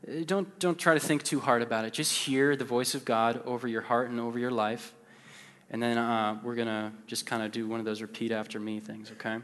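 In a church sanctuary, a man preaches a sermon in a mid-range voice that's slightly bright, a little fast, and fairly even in intonation. He talks conversationally with plenty of fillers, sometimes playful and sometimes earnest. The recording carries a long hall reverb and faint music.

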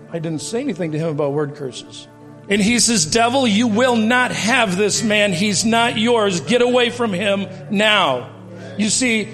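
In a reverberant hall with faint music, a high-voiced guest speaker in his fifties gives his testimony to a church congregation. He tells his story animatedly, acting out quoted dialogue and laughing at himself before shifting into preaching.

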